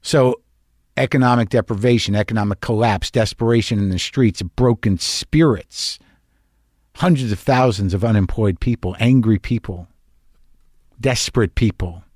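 A man hosting a podcast, talking in a rambling, sardonic way that swings between loud outbursts and hushed asides. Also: lowish voice, normal speed, no echo, clean studio sound. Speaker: podcast host. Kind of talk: conversational monologue.

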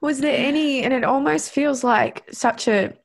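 A woman interviewer asking gentle, hesitant questions. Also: high voice, moderate pace, gravelly.

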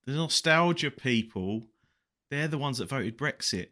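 A man's voice: mid-range voice, lively intonation, a little slow, a loud crowd. A man from England, co-host of a comedy podcast, bantering in a playful, defensive way. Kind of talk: casual banter.

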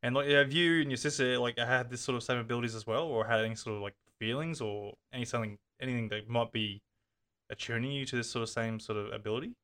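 Man, interview host, fast talker, sharp tone, hunts for words. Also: mid-range voice. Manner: curious, searching for words. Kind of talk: casual interview.

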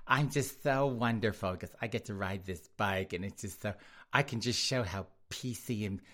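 A guy doing a smug preening bike rider who is awfully pleased with himself, talking in a mocking prissy sing-song. The voice sits a little low and sounds like it comes from slightly away from the mic, within a podcast rant. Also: a bit bright, lightly acted. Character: smug self-congratulating man on a rental bike.

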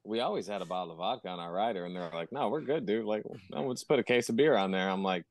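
Swearing, rambling man with a low voice. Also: expressive, rapid-fire, dry recording. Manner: rambling, heavy swearing and fillers. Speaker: guest musician. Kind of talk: casual podcast chat.

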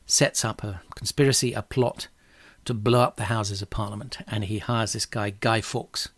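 A male historian telling a historical story in a conversational, lively way. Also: no echo. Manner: lively storytelling with quick jumps in pitch. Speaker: guest historian.

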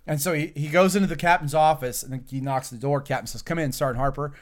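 A man's voice: on the high side, fast talker. A male podcast host telling stories in casual chat, acting out what people said and swearing freely. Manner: animated storyteller, acts out quotes, swears freely.

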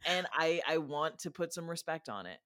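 Midwestern woman comedian, animated and jokey. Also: low voice, normal speed, no room sound. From American Midwest. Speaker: guest comedian. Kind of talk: casual podcast chat.

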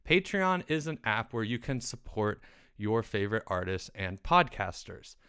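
A man's voice: lowish voice, very animated, moderate pace, pushed and bright, clean tone, no room sound, studio quality. A man hosting a comedy podcast, playing the patient, mildly exasperated straight man in casual banter. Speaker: podcast host.

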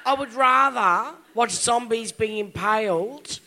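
A woman's voice: on the high side, slow, bright, forceful tone, slight background noise. A woman in her fifties with an Australian accent doing live stand-up comedy, crude and full of swearing. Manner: bawdy, crude, heavy swearing. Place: live comedy venue stage.

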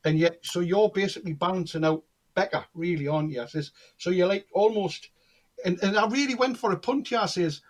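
High-pitched and brisk, the man is a guest cold reader sharing anecdotes during casual talk. He tells them with animation, performing the lines people spoke.

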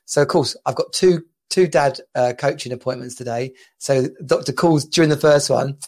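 A man's voice: mid-range voice, a little fast, few pauses, a little mellow. A man co-hosting a podcast, telling an anecdote in casual chat, laughing often and repeating himself. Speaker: podcast co-host.

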